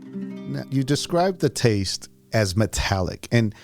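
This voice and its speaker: A man's voice: mid-range voice, sing-song, slow, creaky, darkish tone, soft background music. A man co-hosting a podcast in casual chat, dropping joking interjections. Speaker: podcast co-host.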